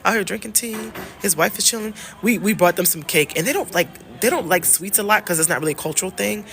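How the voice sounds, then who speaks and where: A woman from the United States chatting casually in a travel vlog, animated and emphatic, repeating phrases and talking straight to her viewers. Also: mid-range voice, fast talker, gravelly. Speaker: travel vlogger and love coach.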